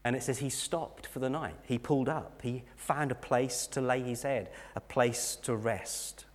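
A man's voice: mid-range voice, steady tone, unhurried. A male pastor preaching a sermon to his church, earnest and building to a raised, fervent delivery. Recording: long reverb of a church hall.

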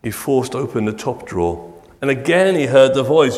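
An older man preaching, telling stories in a jovial, animated way. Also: medium pitch, moderate pace. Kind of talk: sermon with storytelling. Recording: echoey hall.

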